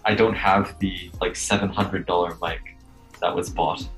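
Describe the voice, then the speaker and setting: Young man, deep measured newsreader tone. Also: steady tone, over music, rough recording. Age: young adult. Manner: measured, newsreader-like, with many uhs. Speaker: podcast co-host. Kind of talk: casual podcast chat. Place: at home. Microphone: bad mic on a Zoom call.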